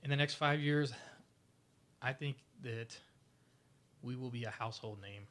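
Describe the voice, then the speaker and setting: A man in his forties, a guest on an interview show, telling his story casually with lots of fillers and loose, animated phrasing. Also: medium pitch, measured pace. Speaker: podcast guest, veteran charity founder.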